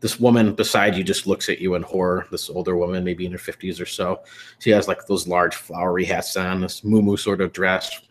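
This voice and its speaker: A man's voice: low voice, steady tone, a little fast. A man running a horror tabletop game as game master, narrating grisly scenes with casual fillers.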